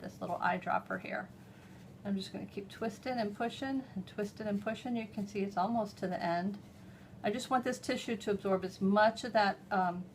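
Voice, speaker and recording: A woman's voice: medium pitch, a little hiss or hum. A middle-aged woman hosting a hands-on how-to demonstration, explaining each step in a chatty, homey way as she works. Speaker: host.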